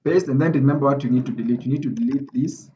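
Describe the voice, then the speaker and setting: A man's voice: medium pitch, fast talker, mellow. Emphatic male teacher on a video call. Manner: emphatic, repeats points for stress. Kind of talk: online class lecture. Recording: slightly dull video call audio.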